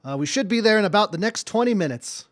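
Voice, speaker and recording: Higher-voiced man running a game. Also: expressive, quick pace, no room sound, clean studio sound. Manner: filler-heavy, rambling. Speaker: game master. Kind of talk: narrating a tabletop game.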